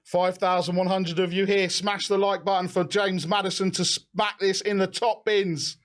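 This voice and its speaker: A young man hosting a live football watch-along, excitable and shouting encouragement. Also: high voice, normal speed.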